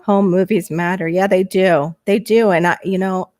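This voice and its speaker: A middle-aged woman chats casually with her livestream viewers through a headset mic, laughing easily and going higher when she gets excited. Her voice sits fairly low, and the sound is dry and close with no room echo. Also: moderate pace. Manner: chatty, laughs often, voice jumps up when excited. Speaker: livestream host reading viewer chat. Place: small home bedroom.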